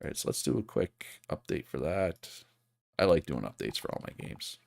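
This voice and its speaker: A man's voice: extremely low pitch, lively intonation, moderate pace, creaky, a little mellow. A man streaming a management game, chatting casually and thinking aloud with many fillers and restarts. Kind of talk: casual gameplay commentary.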